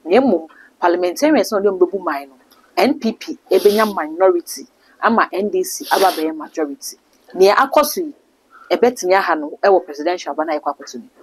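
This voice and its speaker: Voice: mid-range voice, quick pace, a little hiss or hum, poor audio. An interviewer with a Ghanaian accent, respectfully putting questions to a pastor. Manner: deferential, addresses guest as Papa.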